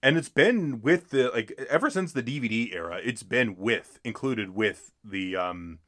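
A man's voice: medium pitch, lively intonation, normal speed, a bit bright, no room sound, clean studio sound. A man co-hosting a podcast, chatting casually about old films with many fillers and restarts. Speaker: podcast co-host. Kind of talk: casual film discussion.

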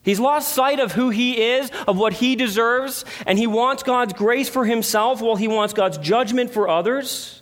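A man's voice: very high-pitched, moderate pace, hardly any pauses. A man preaching a sermon as pastor, emphatic, with rhetorical questions and repeated phrases.

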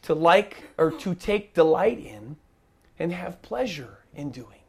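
A man preaching a sermon as pastor, emphatic, dropping to a hush and rising to near shouts. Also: fairly high pitch, very animated, takes it slowly, creaky, breathy edge.

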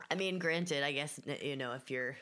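A woman's voice: low-pitched, moderate pace, pushed and bright. A woman co-hosting a podcast, tossing in dry, quippy asides in casual banter. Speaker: podcast co-host.

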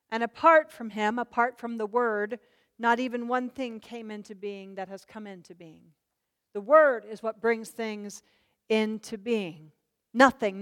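Woman preacher, high voice, emphatic, loud declarations and hushed asides. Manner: emphatic, swings between loud declarations and soft low asides. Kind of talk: sermon.

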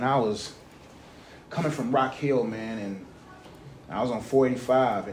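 A young man preaching a sermon in a conversational way, telling stories with slang and swinging between loud passages and low, quiet ones. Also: a little hiss or hum. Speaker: pastor.

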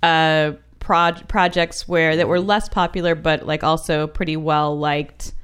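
A woman's voice: sits low, flat delivery, a little slow, a bit bright, clear, resonant tone. A woman co-hosting a casual chat, chatty with hesitant fillers. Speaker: podcast co-host.

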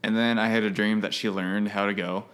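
A man's voice: on the low side, level tone, a little fast, a bit bright, smooth. A man co-hosting a podcast in casual chat, playful and giggly. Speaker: podcast co-host.

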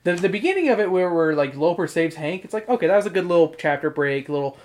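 A man's voice: a little high, animated, fast, darkish tone. Guy rambling on a podcast, swears constantly, laughs a lot. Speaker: podcast host. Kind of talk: casual chat.

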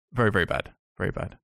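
A podcast co-host chats enthusiastically about films, rambling and restarting as he goes. His voice sits low with vocal fry and a bit of brightness, recorded in studio quality with no echo.

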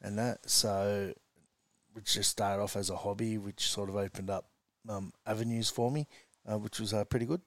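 A man's voice: lowish voice, moderate pace, no room sound. A man from Western Sydney with an Australian accent, a rugby league coach telling stories in a casual interview and calling everyone "mate". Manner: chatty, says "mate" constantly, animated storyteller.

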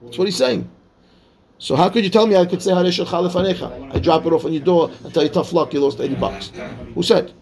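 A man teaching a casual Talmud class, explaining quickly and checking in with his students. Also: high voice, a little mellow. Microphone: class microphone.

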